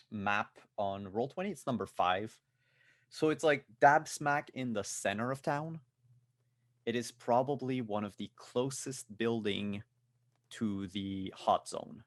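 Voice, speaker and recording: A man narrating as game master of a tabletop game, calm and descriptive with dry humor. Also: medium pitch, a little slow, dry recording.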